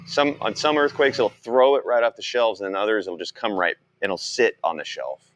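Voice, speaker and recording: A man, a local resident, giving a relaxed, plain-spoken interview soundbite. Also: fairly low pitch, a little fast, lo-fi sound, a little hiss or hum.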